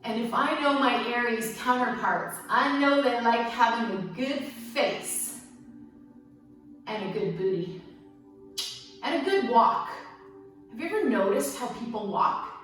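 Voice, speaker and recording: A woman teaching a guided yoga class in a gentle, playful, encouraging way, with light jokes between the instructions. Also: fairly high pitch, a little slow, long pauses, faint music behind. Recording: very echoey room, mic at a distance.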